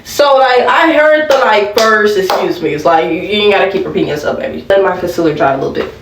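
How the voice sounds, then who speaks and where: A woman's voice: mid-range voice, animated, quick pace, roomy sound, distant mic, noisy background. A young woman vlogger chatting casually through a storytime while doing her makeup, laughing and talking to viewers as y'all. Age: young adult.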